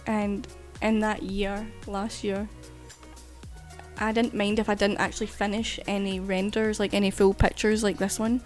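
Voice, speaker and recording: A woman's voice: mid-range voice, flat delivery, measured pace, soft background music. A woman artist chatting casually while streaming, rambling and swearing freely. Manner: chatty, loose, swears casually, frequent fillers. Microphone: desk mic while streaming.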